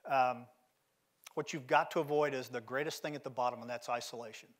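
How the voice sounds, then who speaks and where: A man's voice: mid-range voice, fairly even intonation, a little fast. Emphatic middle-aged male keynote speaker. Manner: direct, emphatic storytelling. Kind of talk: motivational seminar talk. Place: seminar venue.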